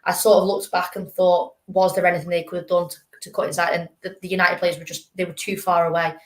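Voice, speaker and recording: A woman's voice: on the low side, little pitch movement, fast talker. A woman on a fan panel, talking football casually and hesitantly, with lots of fillers. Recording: echoey room.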